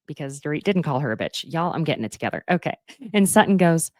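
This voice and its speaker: A woman's voice: deep voice, animated, fast, no echo, clean studio sound. A woman hosting a podcast, recapping a reality show in a chatty, sassy way, with asides to her listeners and snippets of the cast acting out lines.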